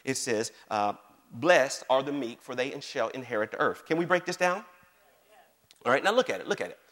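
A pastor preaching a sermon to his congregation, lively and repetitive, often asking the room whether they follow him. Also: mid-range voice, moderate pace. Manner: animated preaching with call-and-response questions and repeated phrases. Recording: long hall reverb.

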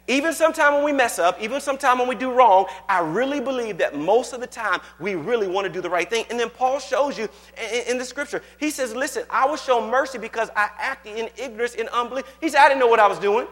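A male pastor preaching a sermon, chatty and storytelling, checking in with the congregation and building to loud exhortation. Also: extremely high pitch, big-room sound. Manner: call-and-response, often asking "you got it?".

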